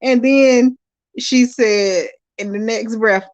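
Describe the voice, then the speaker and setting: Animated, laughing woman streamer. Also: a little high, slow pace, highs cut off. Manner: animated, laughs often, talks straight to viewers. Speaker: live watch-along reviewer reading viewer chat. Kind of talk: casual live-stream chat.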